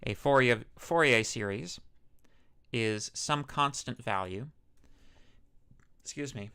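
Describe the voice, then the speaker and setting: A man's voice: mid-range voice, slow, long pauses, bright, forceful tone. A man lecturing a university class, conversational and loose, with fillers, self-corrections and the odd joke. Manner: jokes about his own smooth radio-like tone. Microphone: microphone.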